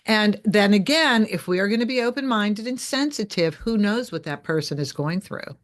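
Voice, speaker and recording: A woman hosting a casual chat, asking probing questions and reflecting out loud, with an expressive delivery. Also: mid-range voice, normal speed. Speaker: host.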